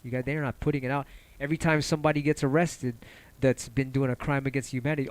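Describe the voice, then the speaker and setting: A man's voice: fast talker, no echo. A man hosting a casual livestream, talking loosely and passionately, cursing often and rambling between ideas. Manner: animated, jumps in pitch when excited. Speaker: livestream host.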